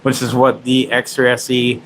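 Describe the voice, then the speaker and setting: A man's voice: mid-range voice, monotone, moderate pace, slight background noise, rough recording. A man in his forties hosting a casual tech livestream, chatting loosely and rambling with fillers. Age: 40s.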